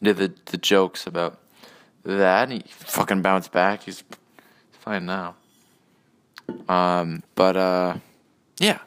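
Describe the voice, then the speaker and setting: A man's voice: low voice, level tone, slow pace, pauses often, fairly bright tone, a little hiss or hum. A man hosting his own podcast, ranting alone in a profane, rambling, sarcastic way, full of restarts and asides. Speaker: podcast host. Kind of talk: solo ranting monologue.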